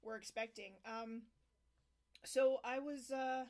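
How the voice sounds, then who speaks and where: A woman with a fairly high voice tells a personal story at home, full of "um"s and restarts. She gets animated and jumps into higher voices when quoting people. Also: takes it slowly. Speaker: host. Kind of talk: casual storytelling interview.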